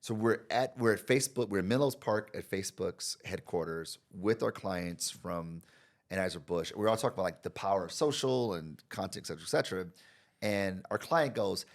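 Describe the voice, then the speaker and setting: A man's voice: sits low, brisk. An American man, a marketing expert guesting on a podcast, talking conversationally and acting out the people in his stories with big jumps in his voice. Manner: animated, acts out quoted people with big jumps in voice. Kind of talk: conversational interview storytelling.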